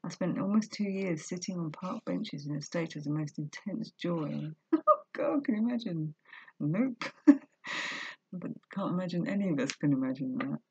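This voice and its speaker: A woman with a low, husky voice reads a book aloud on her vlog and pauses for earnest, confessional commentary. The recording is dry and dull, like a lo-fi home setup. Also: lively intonation, no room sound. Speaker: vlogger reading a book aloud. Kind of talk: reading aloud with personal commentary.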